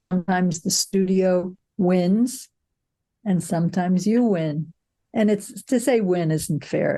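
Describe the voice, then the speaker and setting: Her voice is dark and fairly low-pitched. She's an older woman and film producer fielding interview questions, drifting into reflective anecdotes, repeatedly saying "you know," and often starting her sentences over.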